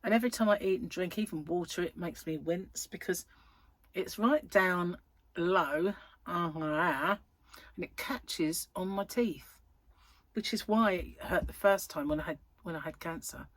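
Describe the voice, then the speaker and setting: A woman in her thirties chats casually to camera, rambling through her day with lots of fillers. Her voice is husky and sits fairly low, recorded close and dry. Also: unhurried, dry recording. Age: 30s. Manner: rambling and chatty, with frequent fillers. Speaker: crochet vlogger. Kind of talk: casual chat.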